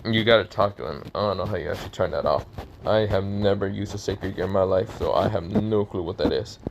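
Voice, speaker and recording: A man's voice: deep voice, a little fast, vocal fry, slight background noise. A man voicing an old, boastful male dragon who talks in an offhand, vain way. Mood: smug.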